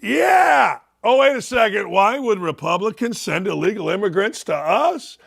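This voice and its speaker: A middle-aged man hosting a sports and politics talk show, excitable, rambling and sarcastic. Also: high-pitched, normal speed, creaky, husky.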